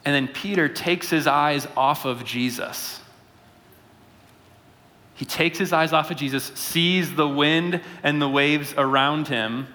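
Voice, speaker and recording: A pastor giving a conversational sermon, often checking in with his listeners with a quick "right?". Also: on the high side, bright, forceful tone, big-room sound.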